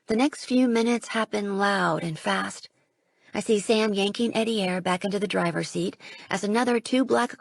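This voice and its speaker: A woman reading a first-person audiobook, with a slightly husky, gravelly voice that rises for dialogue. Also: medium pitch, no room sound. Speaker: audiobook narrator.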